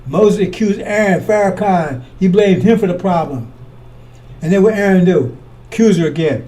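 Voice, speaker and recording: A man delivers a heated sermon in a high, dark-toned voice. He accuses and repeats his points as he works through scripture. His voice sounds distant from the microphone. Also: normal speed. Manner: accusatory, repetitive, preaching from scripture. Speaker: preacher. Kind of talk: fiery scripture commentary.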